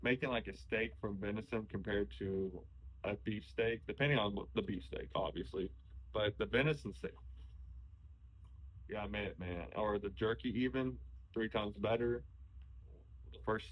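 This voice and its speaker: A young man with a somewhat low voice chats casually about his hunting trips. He rambles and restarts his sentences mid-thought as he tells his stories. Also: normal speed, long pauses, low-quality recording. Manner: relaxed storytelling, frequent restarts. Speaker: podcast host, hunter. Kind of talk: casual conversation.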